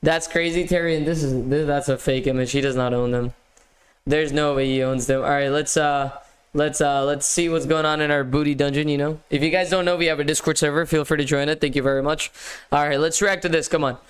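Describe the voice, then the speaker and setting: A man's voice: a little high, steady tone, fairly quick, clear, resonant tone. A man hosting a live gaming stream, chatting casually in slang and greeting viewers by name. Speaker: livestream host. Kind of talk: casual gaming livestream chat.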